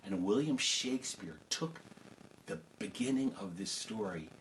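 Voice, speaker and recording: Lebhafter Geschichtenerzähler für Kinder. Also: male voice, lowish voice, a little slow, slight background noise, poor audio. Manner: lively, conversational, with fillers and asides. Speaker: storyteller. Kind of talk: oral storytelling for children.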